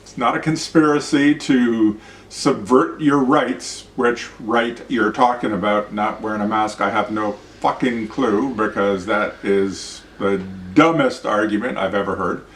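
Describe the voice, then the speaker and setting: A man's voice: fairly low pitch, a little slow, a little hiss or hum. A man hosting an opinion vlog, talking bluntly with a ranting, profane manner. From Canada. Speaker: show host. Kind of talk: opinion vlog monologue and demonstration. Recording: roomy sound, mic at a distance.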